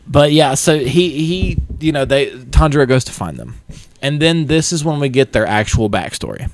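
A man co-hosting a podcast, casually recapping an anime with lively, profane storytelling. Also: mid-range voice, moderate pace. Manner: animated retelling, acting out characters in funny voices, swears freely. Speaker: podcast co-host.

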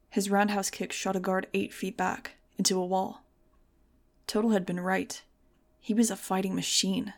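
A woman reading a first-person audiobook in a measured, dramatic way. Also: medium pitch, a little mellow. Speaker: audiobook narrator. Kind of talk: scripted first-person narration.

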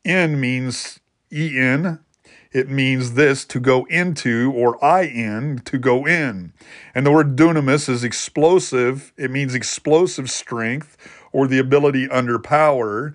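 A man's voice: mid-range voice, a little slow, no echo, studio quality. A man preaching a sermon in an earnest teaching manner, lifting his voice to drive points home. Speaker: pastor.

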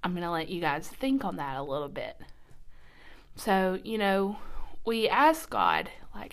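A woman hosting a casual devotional podcast, chatty and upbeat, often dropping to a soft whisper, recorded in a quiet church nursing room. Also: medium pitch, expressive, a little slow. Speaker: podcast host.

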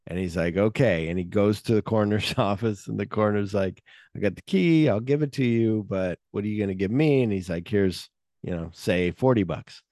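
A man with a fairly low voice co-hosts a podcast at a brisk pace, casually chatting about a film in an animated retelling. He acts out scenes, swears freely, and hums the music cues, recorded in studio quality with no room sound.

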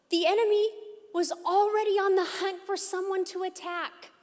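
A woman pastor preaching an emphatic, earnest sermon in a church hall. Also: very high-pitched. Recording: echoey hall.

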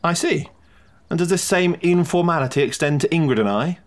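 A man's voice: a little high, animated, fairly quick, lightly acted. A man voicing an eager, brainy young male tennis player who talks precisely.

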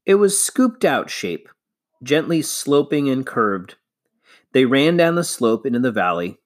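A man reads a children's science-fiction novel aloud. His delivery is measured and expressive, with a mid-range voice that rises and falls animatedly. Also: mid-range voice. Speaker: reader.

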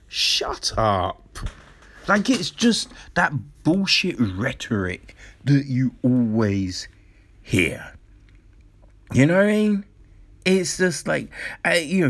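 A blunt, foul-mouthed commentator rants at an unhurried pace, leaning on slang and fillers. The pitch swings widely and expressively, and excuses get mocked in acted-out quotes. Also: very animated. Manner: incredulous, mocks with acted-out quotes. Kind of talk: ranting commentary.

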